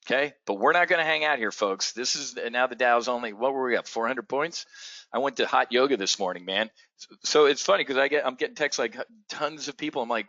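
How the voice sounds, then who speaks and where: A man's voice: medium pitch, lively intonation, normal speed, vocal fry, pushed and bright, no room sound, highs cut off. A man hosting an options trading brief, brash and irreverent, swearing freely and hammering his points home.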